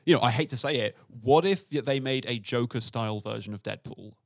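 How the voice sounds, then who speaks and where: A man's voice: mid-range voice, a little fast, creaky, dry recording, clean studio sound. A man co-hosting a podcast, chatting casually about a film and laughing often as he talks. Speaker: podcast co-host.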